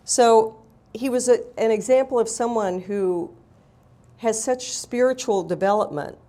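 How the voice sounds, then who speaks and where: A woman's voice: on the high side, a little slow, dark tone. A woman author telling candid, wry stories in a live interview, blunt and self-mocking.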